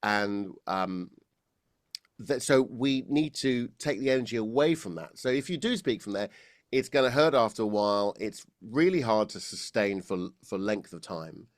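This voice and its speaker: Low-voiced British voice coach, dry sound. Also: male voice, lively intonation, normal speed, no echo. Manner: explanatory, easily laughing, with restarts. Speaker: voice coach guest. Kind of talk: casual interview explanation.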